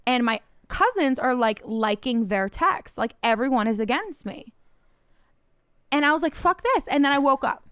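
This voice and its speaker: A high, smooth-voiced young woman tells a story on a podcast, animated and loose, full of "like" and casual swearing. She is recorded close and dry, with no room sound around her. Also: moderate pace, no echo. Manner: animated, swearing often, heavy use of "like". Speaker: podcast co-host.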